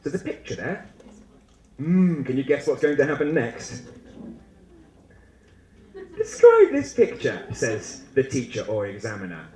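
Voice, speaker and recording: A man giving a lively, humorous conference talk to teachers, acting out little classroom scenes as he goes. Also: mid-range voice, normal speed. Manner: animated, humorous, acts out student and teacher voices. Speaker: conference speaker. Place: lecture hall. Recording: echoey lecture hall.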